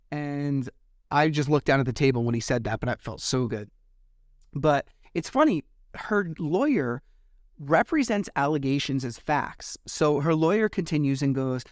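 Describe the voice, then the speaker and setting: A man hosts a podcast and retells a story with animated sarcasm and casual swearing. His voice sits a little high. The sound is dry and close to the mic. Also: normal speed, dry recording. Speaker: podcast host.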